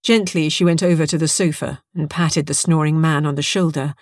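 Wry female storyteller, lowish voice. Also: steady tone, fairly quick, no echo, studio quality. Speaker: narrator. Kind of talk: scripted narration of a story.

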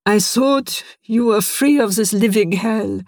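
Rich: A gaunt, haunted survivor, voiced by a male storyteller, speaking in a slow, sorrowful and grave way. The words come out unhurried and heavy, in a dry audiobook read. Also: high voice, darkish tone, dry recording, pitched above the performer's own voice. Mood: sad.

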